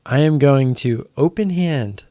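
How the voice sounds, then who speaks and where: A man's voice: mid-range voice, animated, measured pace, mellow, no room sound. A young man, drunk, hosting a late-night live stream and teasing his chat viewers in a rambling way.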